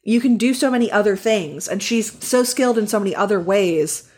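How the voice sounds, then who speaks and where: A woman's voice: mid-range voice, brisk, darkish tone. Woman podcast cohost, chatty, lots of likes and ums, blunt opinions. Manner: chatty, many fillers, frank opinions. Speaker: podcast co-host. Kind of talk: casual chat.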